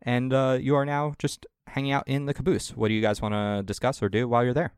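A man's voice: mid-range voice, flat delivery, clean tone, no room sound, clean studio sound. Man running a tabletop game. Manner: quick, casual, with fillers. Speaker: game master.

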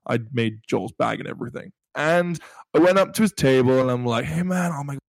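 A young man, telling animated stories with playful bragging as a podcast co-host. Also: mid-range voice, a little fast, vocal fry, no room sound. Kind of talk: casual storytelling chat.

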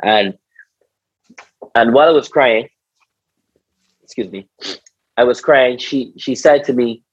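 A man from Barbados with a Barbadian accent, a former cricketer telling stories in a casual conversation, animated, slangy and repeating his words. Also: mid-range voice, slow pace, pauses often, slightly rough, no room sound, lo-fi sound. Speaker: interview guest, former cricketer.

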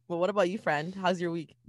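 A woman's voice: fairly low pitch, dry recording. Woman in her thirties, podcast co-host, dramatic storyteller, dry close sound. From Canada. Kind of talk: casual chat.

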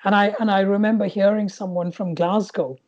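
A middle-aged woman from India with a Bengali-influenced English accent, telling stories as a podcast guest in an animated way, laughing at times. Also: mid-range voice, brisk, lo-fi sound. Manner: animated, laughing, with frequent restarts. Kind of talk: reflective storytelling.

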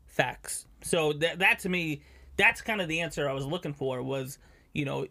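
A man's voice: on the high side, normal speed, vocal fry, pushed and bright. A man co-hosting a casual podcast, telling stories from his car sales days and laughing often. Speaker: podcast co-host.

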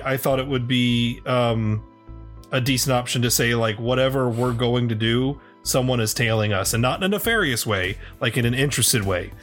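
Here a man co-hosting a podcast talks in a mid-range, slightly bright voice. He rambles casually, restarting often, leaning on fillers and cursing without restraint.

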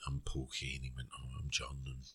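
A man's voice: a bass voice, monotone, a little fast, fairly bright tone, breathy edge, no room sound. A middle-aged man, a podcast guest, tells a rambling story and acts out the quoted dialogue. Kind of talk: storytelling interview.

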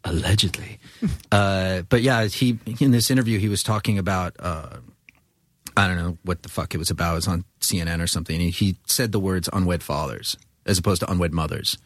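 A man's voice: deep voice, brisk, fairly bright tone, no echo. A man in a band chatting casually, swearing a lot while telling road stories. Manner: profane, storytelling. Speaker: band member. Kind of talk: casual chat.

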